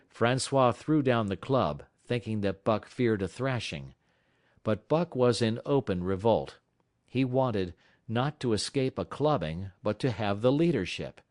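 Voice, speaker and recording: A man reading a novel aloud as an audiobook narrator, measured and dramatic, dropping low at tense moments. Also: dry recording, clean studio sound.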